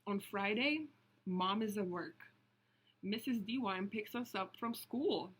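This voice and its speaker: A woman reading a picture book aloud, slow and deliberate, stopping to point out the pictures. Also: mid-range voice, husky. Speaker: storybook reader.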